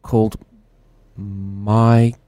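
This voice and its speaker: A man's voice: on the low side, level tone, extremely slow, dark tone. A middle-aged man co-hosting a casual arts podcast, wry and musing as he talks through a book. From Australia. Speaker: podcast co-host.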